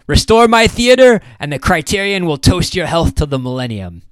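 A fussy, theatrical theater owner, as a male narrator puts him on, with a voice pushed well up and ringing out loudly. He wheedles and shows off with every phrase. The sound is close and dry. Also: very animated, normal speed, dry recording. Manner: high, showy and wheedling.

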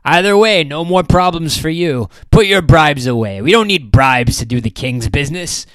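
A man doing a brisk commanding officer. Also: on the high side, lively intonation, a bit bright, dry recording, voice pushed up. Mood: brusque. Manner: clipped and commanding. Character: gruff, brisk military nobleman commander.

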